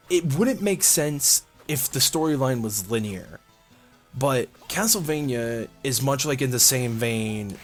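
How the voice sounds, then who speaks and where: A man hosting a video game playthrough, chatting casually and rambling with lots of fillers. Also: medium pitch. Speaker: let's play host. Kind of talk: casual gameplay commentary. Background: game music.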